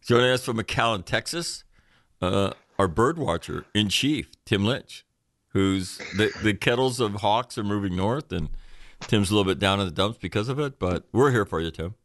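A man's voice: on the low side, animated, moderate pace, a bit bright, no room sound, clean studio sound. A man hosting a podcast, talking in a blunt, profane, bantering way. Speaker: podcast host. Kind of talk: casual podcast chat.

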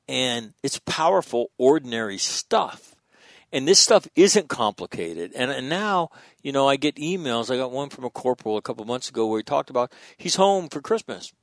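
A man's voice: medium pitch, dry recording. A man on a podcast talks in a loose, profane way and keeps jumping back into his sentences. His voice is recorded close and dry, with no room sound. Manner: profane, animated storytelling with frequent restarts. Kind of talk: casual podcast conversation.

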